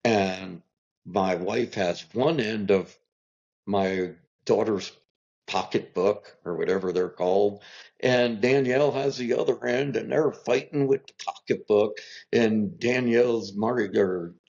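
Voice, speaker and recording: A middle-aged man, a podcast guest, telling a long family story in an animated way and acting out what people said. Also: lowish voice, unhurried, vocal fry. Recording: dull lo-fi recording.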